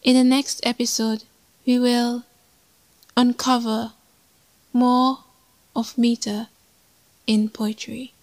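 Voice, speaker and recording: A woman narrating a scripted poetry lesson in a measured, deliberate way. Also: fairly high pitch, poor audio. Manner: measured, deliberate, even delivery. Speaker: poetry teacher.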